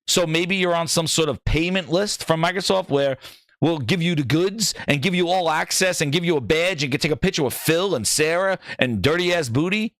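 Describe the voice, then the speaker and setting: Exasperated male gaming host, high lively voice, profane rant, dry close sound. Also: normal speed, no room sound. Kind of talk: ranting commentary.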